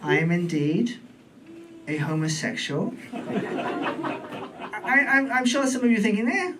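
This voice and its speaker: British man, forties, stand-up comedy, camp, unhurried, distant mic, faint club noise. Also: high voice. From United Kingdom. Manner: camp, playful, deadpan asides.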